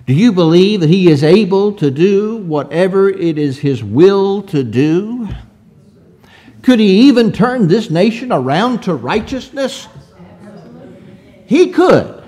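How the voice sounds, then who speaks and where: A man delivers a sermon at an unhurried pace, his voice sitting a little high for a man. He reads scripture in old-fashioned wording, then swings between hushed, low asides and emphatic peaks. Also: lively intonation. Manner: slow, deliberate preaching with rhetorical questions and swells of emphasis. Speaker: preacher.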